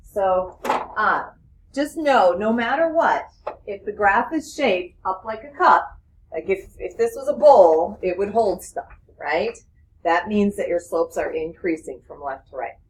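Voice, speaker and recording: A woman teaching a math class, her pitch in an ordinary middle range. She explains in a lively way and keeps asking the students whether they follow. The talk is recorded in the classroom as she lectures. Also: unhurried, rough recording.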